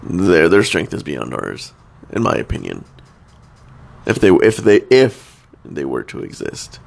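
A man in his thirties chats casually as a podcast co-host, with a low, gravelly voice. His delivery is laid-back and rambling, and his pitch swings around a lot as he talks. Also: huge pitch swings, measured pace, darkish tone. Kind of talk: casual chat.

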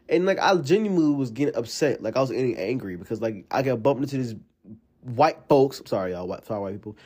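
A man with a Southern US accent from Alabama, hosting a casual solo podcast and telling rambling, animated stories full of fillers. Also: medium pitch, husky. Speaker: podcast host.

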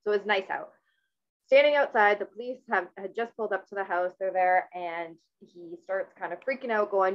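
A woman's voice: mid-range voice, a little fast, lo-fi sound. A woman from Canada interviewing a guest in a casual, earnest, rambling way with many restarts.

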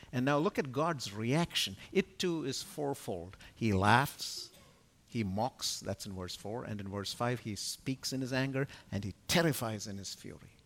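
A man giving an expository Bible teaching at a conference, emphatic and full of rhetorical questions, his loudness rising and falling sharply. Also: mid-range voice, creaky. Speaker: conference speaker teaching scripture. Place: conference venue.

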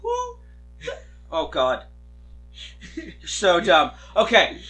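A man co-hosting a comedy podcast, arguing loudly and exasperatedly and swearing often. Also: sits high, wildly swooping pitch, drawn-out words, soft background music. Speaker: podcast co-host. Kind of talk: comedic argument.

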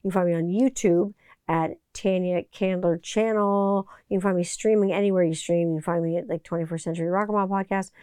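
A woman's voice: fairly low pitch, fairly even intonation, brisk, dark tone, clean tone, no echo, clean studio sound. A woman hosting a podcast in a casual, rambling monologue, full of "like" and "you know.". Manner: rambling, filler-heavy. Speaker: podcast host.

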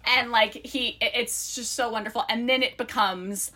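A woman's voice: a little high, fairly even intonation, normal speed, pushed and bright. A young woman co-hosting a casual chat, gushing and rambling with lots of fillers as she recommends a book. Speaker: podcast co-host recommending books.

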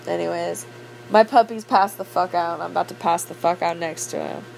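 A woman's voice: lowish voice, fairly even intonation, a little fast, gravelly, darkish tone, slight background noise. A young woman who works as a cook, rambling in a casual late-night monologue, blunt and profane, full of fillers and frequent laughs. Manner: laughs often.

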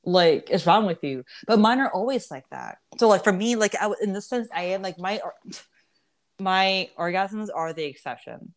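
Chatting casually on her podcast, a woman in her twenties speaks in a mid-range voice at normal speed. She is candid and profane, laughing often and restarting her sentences a lot.

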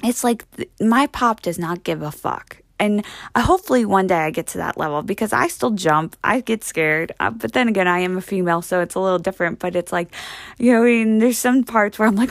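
A woman's voice: on the high side, expressive, a little fast, gravelly, no room sound, clean studio sound. A woman telling a story in a casual, rambling way, full of fillers and swearing.

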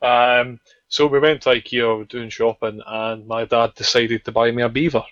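A man's voice: mid-range voice, steady tone, normal speed, fairly bright tone, dry recording. Scottish man hosting a podcast chat. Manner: steers the talk, teasing. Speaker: podcast host. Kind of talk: casual chat. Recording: dull lo-fi podcast audio.

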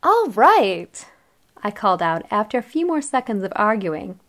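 A woman's voice: medium pitch, very animated, fairly quick, a bit bright. A woman reading a first-person story aloud in a cheerful, playful and teasing manner. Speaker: narrator.

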